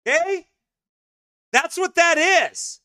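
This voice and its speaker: High-voiced, scornful man preacher. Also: expressive, slow pace, no room sound, clean studio sound. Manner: emphatic, scornful, bursts into shouts. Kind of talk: sermon-style commentary.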